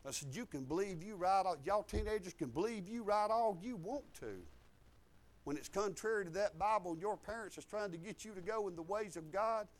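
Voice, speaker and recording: A man, preaching a sermon in a folksy storytelling way that swings from low asides to loud emphatic lines. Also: moderate pace. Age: 50s. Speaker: pastor.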